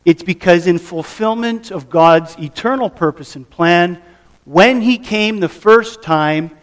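High-voiced preacher heard from a distance. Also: male voice. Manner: reads scripture aloud, then explains it with measured emphasis. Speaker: pastor. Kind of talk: sermon.

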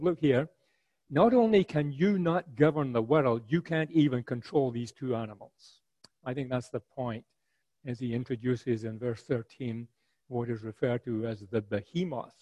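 Earnest man preaching, mellow dry voice. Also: fairly high pitch, dry recording, poor audio. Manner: earnest, rhetorical, paraphrases scripture in a lively voice. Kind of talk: expository sermon.

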